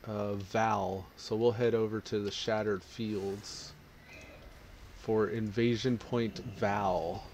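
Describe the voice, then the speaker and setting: A man's voice: fairly low pitch, slow pace, a little hiss or hum. Laid-back man narrating his gameplay. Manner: relaxed, chatty, thinking aloud. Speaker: gaming streamer. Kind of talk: casual gameplay commentary.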